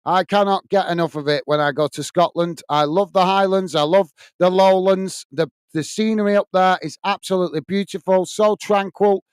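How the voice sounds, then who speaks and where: A man's voice: high-pitched, steady tone, normal speed, hardly any pauses, smooth, no echo. A man from the UK hosting a live football watch-along, calling the play and thanking viewers by name in a chatty way. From United Kingdom. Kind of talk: live match commentary and chat reading.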